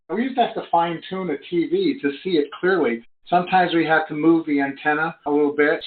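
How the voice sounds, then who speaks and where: A middle-aged online business coach earnestly tells a story on a live conference call, his pitch swinging from low to high when he gets excited. The audio comes through a tinny phone line.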